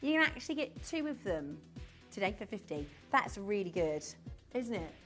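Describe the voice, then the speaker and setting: A woman chats through a live TV shopping segment with a bubbly, giggly ease. Her pitch swings widely as she talks, and soft music plays faintly behind her. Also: big pitch swings, normal speed. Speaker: shopping channel presenter. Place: TV studio.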